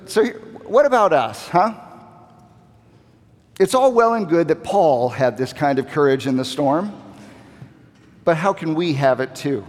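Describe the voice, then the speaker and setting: A man preaching a sermon, rising to emphatic passages and then dropping to slow, quiet repetition of key phrases. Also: a little high, in a large hall.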